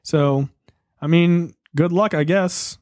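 A man's voice: on the high side, slow pace, a little mellow, dry recording, studio quality. A man co-hosting a podcast, talking politics in casual, sarcastic banter and often restarting his sentences. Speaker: podcast co-host.

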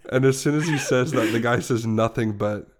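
A man's voice: mid-range voice, normal speed. A young man telling a meandering anecdote on a podcast, with an ordinary, mid-range voice. He keeps circling back and restarting sentences, laughing as he goes. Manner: rambling, laughs often while telling a story. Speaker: podcast co-host. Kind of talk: casual storytelling chat.

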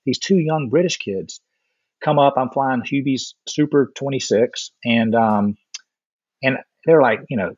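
A man's voice: mid-range voice, unhurried, breathy edge, no echo, lo-fi sound. A man in casual chat, animatedly telling a story and acting out what others said. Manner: animated storyteller, acts out quotes.

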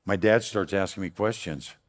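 An older man preaching a storytelling sermon in a church, loud, folksy and earnest. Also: sits low, normal speed. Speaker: guest preacher. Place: church sanctuary. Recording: long hall reverb.

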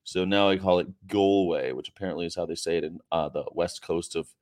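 A man's voice: low-pitched, fairly even intonation, fast. A man hosting a casual livestream from a hotel room, reading viewer comments with a sarcastic, joking, rambling manner. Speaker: vegan activist livestream host.

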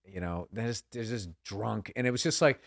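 A man's voice: on the low side, moderate pace, creaky, no echo, clean studio sound. A man chatting as a comedian guest, telling rambling, profane stories full of restarts. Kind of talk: casual chat.

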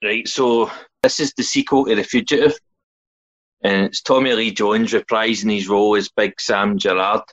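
A Scottish man with a lowish voice recaps films in an easygoing way on a casual podcast, laughing often. The sound is dry and a bit dull, with no room around it. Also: fairly even intonation, normal speed, no room sound. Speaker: podcast co-host. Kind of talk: casual film-chat podcast.

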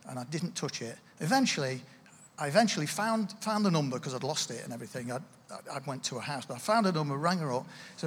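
Male preacher, conversational sermon delivery, slightly high husky voice, reverberant hall. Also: a little fast. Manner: conversational, self-deprecating, lively with asides and laughs. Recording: echoey hall, distant reverb.

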